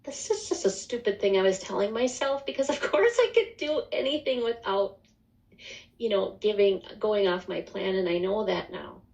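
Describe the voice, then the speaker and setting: A woman's voice: mid-range voice, expressive, moderate pace, vocal fry, a little mellow, poor audio. A woman on a video call telling her personal story in a rambling, emotional way, laughing often. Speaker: community member sharing her story.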